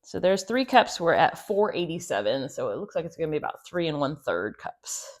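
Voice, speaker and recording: A homestead host with a low voice, big pitch swings and a brisk pace gives a casual cooking demonstration in her home kitchen, wearing a clip-on mic. She's chatty, joking and laughing at herself as she works.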